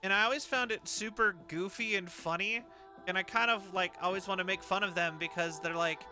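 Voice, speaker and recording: A man's voice: sits high, fairly even intonation, brisk, pushed and bright, soft background music. A young man streaming a game, talking in a rambling, chatty way and laughing between thoughts. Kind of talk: casual game commentary.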